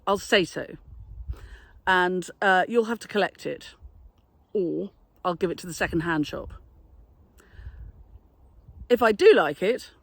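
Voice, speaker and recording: A woman's voice: fairly high pitch, fairly bright tone, dry recording. A woman, a flower farmer and florist, giving a chatty, cheerful product review and laughing often.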